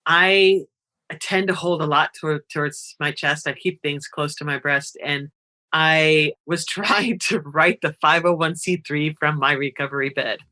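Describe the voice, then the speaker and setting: Woman, interview guest, bright forceful tone, expressive storyteller, laughs often. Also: sits low, unhurried. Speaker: nonprofit founder, guest.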